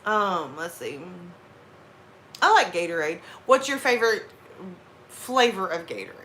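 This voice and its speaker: This livestream host, a woman in her thirties from the American South, rambles through asides as she casually talks with her chat in a Southern US accent. She sounds very animated and a bit bright at medium pitch, speaking a little slowly. The recording carries a little hiss or hum.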